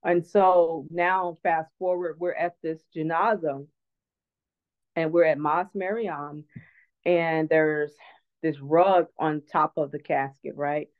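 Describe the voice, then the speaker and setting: Woman telling her story slow and earnest, sounds like she's on a phone line. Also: low voice, steady tone. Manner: earnest, reflective, many restarts. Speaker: guest speaker. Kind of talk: personal storytelling in an online talk. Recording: tinny phone-line audio.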